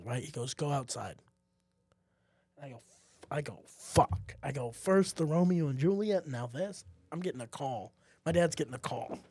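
A man's voice: a little high, breathy edge, dry recording. A young man co-hosting a podcast, casually telling a story and acting out the people in it with swings in voice and a lot of swearing. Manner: animated storyteller, acts out quotes in shifting voices, swears. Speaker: podcast co-host.

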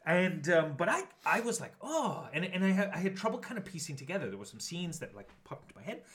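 A middle-aged podcast co-host talks fast in a high-pitched voice, telling stories in casual chat. He's an animated storyteller who laughs often and acts out quotes.

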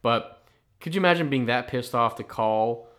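A man's voice: mid-range voice, moderate pace, fairly bright tone. A young man from Albania co-hosting a podcast, rambling, swearing and laughing often in casual chat. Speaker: podcast co-host.

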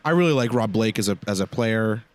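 A man's voice: on the low side, animated, fairly quick. Dry, sarcastic man talking sports. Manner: dry, sarcastic, hesitant with many fillers. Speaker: podcast co-host. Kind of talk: casual sports chat.

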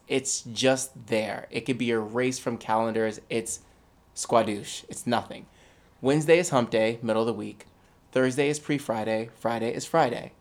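A man co-hosting a casual chat, opinionated and rambling with lots of restarts. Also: medium pitch. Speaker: podcast co-host.

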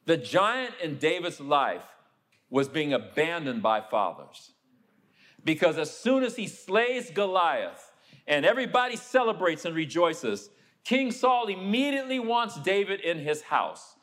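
A man preaching a sermon, telling a story and acting out the people in it, then turning quiet and low for a personal confession. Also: big pitch swings, unhurried. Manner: storytelling, acts out the people he quotes.

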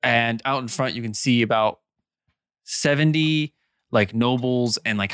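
Give me a slow-talking game master with a smooth voice, narrating loosely with fillers. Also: male voice, lowish voice, no room sound, studio quality. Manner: relaxed, filler-heavy narration.

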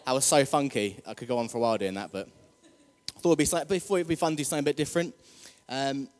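A man's voice: medium pitch, racing. A man delivers a loose, humorous sermon, chatting with the crowd and getting them on their feet. His mid-range voice carries through a church hall with a long, lingering reverb. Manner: jokey, chatty, crowd-rousing. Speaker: preacher. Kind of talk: casual sermon.

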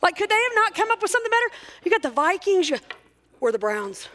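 A woman's voice: extremely high pitch, sing-song, fast talker, fairly bright tone. A woman in her forties giving a chatty, self-mocking talk to a church crowd, full of jokes. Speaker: church speaker. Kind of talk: humorous talk at a church service.

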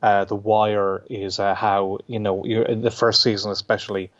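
A man's voice: fairly low pitch, little pitch movement. An Irish man, a comic book writer, talking casually in an interview, full of restarts and fillers. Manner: halting, many restarts and fillers. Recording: dull lo-fi sound.

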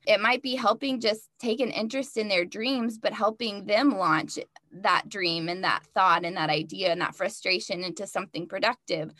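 A woman's voice: medium pitch, a bit bright, dry recording, studio quality. A woman consultant speaking in a reflective, encouraging way during a casual discussion.

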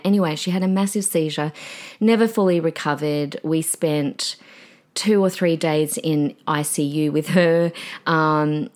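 A woman hosting a podcast on her own, chatting in a gushing way with lots of fillers and asides. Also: low voice. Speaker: podcast host and preacher. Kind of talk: casual solo podcast chat.

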